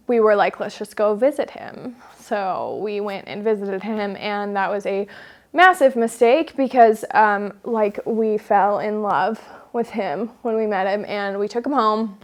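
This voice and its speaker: A woman vlogging, telling a dramatic, self-mocking story in a chatty way with lots of fillers. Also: medium pitch. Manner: chatty, dramatic retelling with frequent "like" and "um"; playful, self-mocking humor. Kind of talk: casual storytelling to camera.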